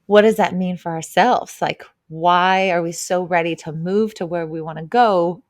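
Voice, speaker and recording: Low-voiced woman, earnest and reflective. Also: fairly even intonation, normal speed, no room sound, clean studio sound. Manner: reflective, with frequent "like" and "right?"; earnest and emotionally open. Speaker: guest. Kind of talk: casual podcast chat.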